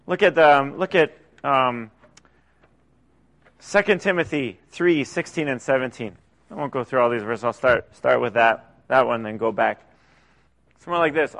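A man preaching a conversational sermon, often dropping to soft, quiet asides. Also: medium pitch, a little slow, vocal fry, pauses often. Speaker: pastor.

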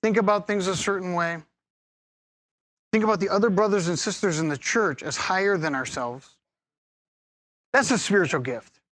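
A man preaching a sermon as pastor, lively and humorous, teasing his congregation and laughing often. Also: sits high, moderate pace, long pauses, dry recording.

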